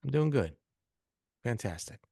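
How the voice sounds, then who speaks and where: A man's voice: medium pitch, sing-song, measured pace, creaky, warm tone, breathy edge, dry recording, clean studio sound. A man hosting a casual movie podcast, joking around as he reads the intro credits. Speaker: podcast host.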